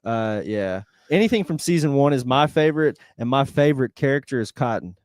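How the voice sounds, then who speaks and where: A laid-back man chats on a live-streamed podcast, tossing in asides and reading viewer questions aloud. His voice is at an average pitch for a man. It is recorded dry and close, with no echo. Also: a little fast. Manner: relaxed, reads chat comments aloud. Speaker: podcast co-host. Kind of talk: casual live-stream chat.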